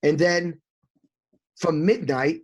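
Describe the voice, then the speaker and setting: A middle-aged man, a session drummer, telling animated stories in an interview, swearing freely and scatting drum beats. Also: fairly high pitch, slow, slightly rough.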